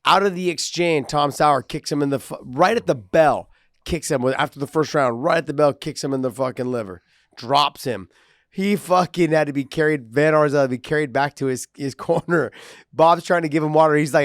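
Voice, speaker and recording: Profane ex-fighter telling stories. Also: male voice, on the high side, brisk, no room sound, clean studio sound. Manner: profane storyteller, acts out quotes. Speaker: podcast co-host, former fighter. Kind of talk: casual chat.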